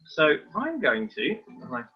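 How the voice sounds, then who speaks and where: A man presenting a live online science demonstration for children, explaining each step in a lively, hands-on way. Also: a little high, takes it slowly, husky, dull audio.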